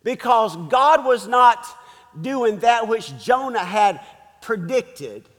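A man's voice: very high-pitched, lively intonation, slow, fairly bright tone, in a large hall. A pastor preaching a sermon, emphatic and calling out to his congregation, repeating key words for effect.

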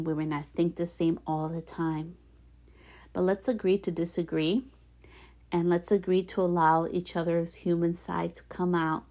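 Gentle encouraging woman podcast host. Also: lowish voice. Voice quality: soft, warm and encouraging, with light giggles. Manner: gentle affirmations, repeats herself for emphasis. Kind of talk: heartfelt solo podcast talk.

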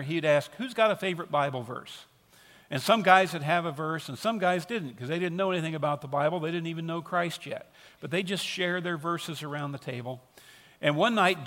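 A man preaches to his congregation with an earnest, emphatic delivery, leaning on repeated phrases to drive points home. His voice sits a little high for a man. It rings with the long reverb of a large hall. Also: a bit bright. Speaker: pastor. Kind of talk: sermon.

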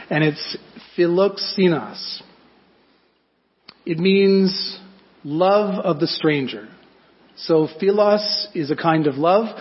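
A man's voice: a little high, dull audio. A man preaching a sermon in a conversational way, often asking his listeners rhetorical questions. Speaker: pastor.

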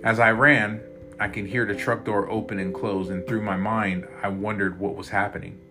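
Low-voiced man narrating a dark story. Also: fairly even intonation, moderate pace. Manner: dramatic, intense. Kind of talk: first-person horror story narration. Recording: loud guitar music behind.

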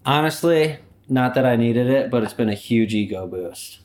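A man's voice: medium pitch, expressive, moderate pace, a little mellow, natural voice. A man playing a boastful, swaggering personification of human error in a comedic interview. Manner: swaggering, boastful, laid-back. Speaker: company anti-mascot guest.

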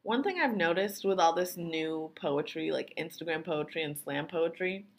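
Blunt, sardonic young woman, lower voice. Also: normal speed. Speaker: podcast co-host. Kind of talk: casual opinionated chat.

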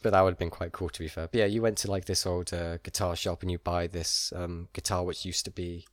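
A man's voice: sits low, level tone, brisk, no echo, clean studio sound. A man chatting casually about a video game, rambling with fillers and frequent laughs.

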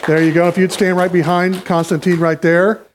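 Male pastor, slightly high voice, relaxed teaching tone, directs volunteers on stage. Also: fairly quick, slight background noise. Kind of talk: sermon. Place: church stage.

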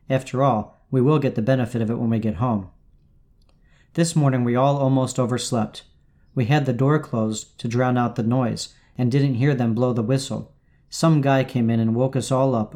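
A man reading old wartime-era letters aloud in a measured, unhurried way with soft pauses. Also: mid-range voice.

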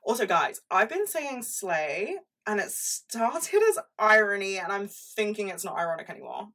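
A woman's voice: medium pitch, very animated, normal speed, a bit bright, far from the mic. A young woman hosting a podcast, speaking in a frank, chatty monologue full of "like" and swearing. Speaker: podcast host. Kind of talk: casual monologue on pop culture.

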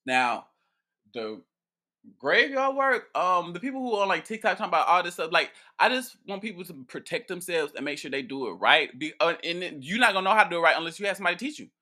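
A man speaking as a priest answering viewer questions in casual, profane chat, playful and animated with frequent laughs and restarts. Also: high-pitched, quick pace.

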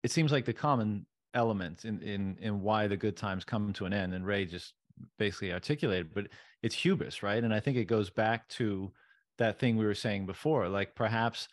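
A man, a podcast guest, making his points in a measured, thoughtful way and hedging as he goes. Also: fairly low pitch, no room sound, studio quality. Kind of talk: casual podcast chat.

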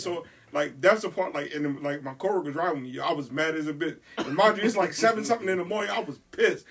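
A man in casual podcast chat, telling stories with lots of swearing and loudly acting out what people said. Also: a little high, fast talker, few pauses, far from the mic, slight background noise. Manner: animated storyteller, swears freely, acts out quotes loudly.

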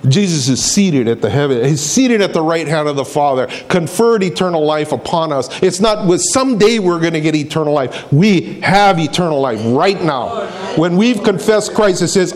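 A male preacher giving an emphatic, storytelling sermon. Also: fairly high pitch.

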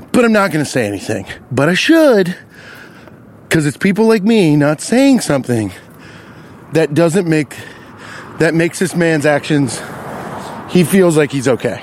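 Animated, profane podcast host ranting outdoors. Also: male voice, on the high side, unhurried, long pauses, slight background noise. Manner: animated, profane, riffs on his own story. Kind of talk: casual storytelling rant. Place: outdoors on a city street.

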